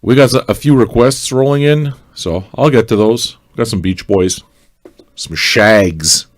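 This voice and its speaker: A man's voice: medium pitch, measured pace. A man hosting an independent radio show as DJ, chatting casually between records in a loose, profane, rambling way. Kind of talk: casual on-air chat.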